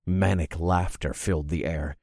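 A man narrating a story in the first person with a measured, dramatic delivery. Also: low voice, steady tone, darkish tone, no echo, clean studio sound.

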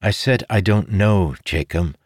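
A man voicing a young male conjurer in an audiobook, defensive and earnest, a little above his own deep voice. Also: animated, moderate pace, dry recording, studio quality, close to an everyday voice. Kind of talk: audiobook character voice.

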